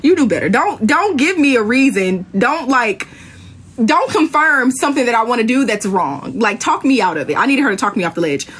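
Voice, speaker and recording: Animated young woman telling a story. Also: a little fast, slightly rough. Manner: animated storytelling, acts out quotes in high voice. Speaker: reality show contestant. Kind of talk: casual live-stream chat.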